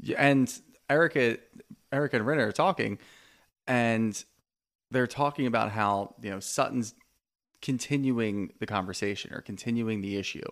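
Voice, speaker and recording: A man co-hosting a podcast in casual chat, animated and swearing freely, often acting out what others said. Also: medium pitch, normal speed. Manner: animated, acts out quoted lines. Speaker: podcast co-host.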